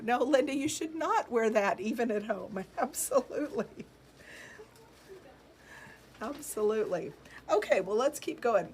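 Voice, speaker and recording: A woman's voice: on the high side, slight background noise. A woman hosting a live jewelry sale from her shop, chatting in an upbeat way and answering viewer comments. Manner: chatty and upbeat, with frequent fillers and laughs. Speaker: host of a live jewelry shopping stream.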